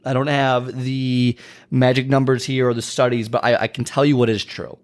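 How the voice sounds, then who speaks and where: Man, motivational talker, mid-pitched, chatty, repeats checks with listeners, stretches words and jumps in pitch for emphasis. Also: normal speed. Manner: talks to listeners directly, repeating "okay?" and stretching key words; animated, leaps in pitch and speed for emphasis. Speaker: motivational speaker. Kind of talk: casual motivational talk.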